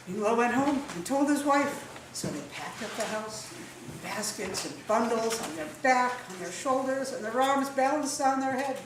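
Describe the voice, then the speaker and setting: Expressive woman storyteller in an echoey hall. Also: on the high side, normal speed, recorded from a distance, background noise. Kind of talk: folk tale told aloud on stage. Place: live stage in a hall.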